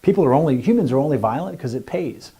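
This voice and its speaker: Man co-host, laid-back explainer, husky and dark-toned, casual podcast talk. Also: mid-range voice, expressive, fast talker.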